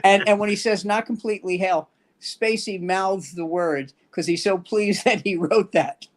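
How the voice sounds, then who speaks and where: A man's voice: sits high, moderate pace. An older man hosting a casual comedy talk show, retelling film scenes and acting out the dialogue with energy. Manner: animated storyteller acting out quoted dialogue. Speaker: host.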